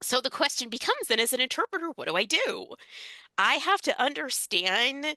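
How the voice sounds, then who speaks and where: A woman guest on a podcast, an educational interpreter, explaining her work in an animated, emphatic way with frequent laughs. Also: high-pitched, moderate pace, no echo. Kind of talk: casual podcast conversation.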